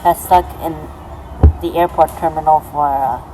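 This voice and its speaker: A woman's voice: sits low, fairly even intonation, normal speed, rough recording. A woman vlogging casually while travelling, talking straight to her viewers with many fillers. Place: airport and airplane. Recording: loud music over the voice.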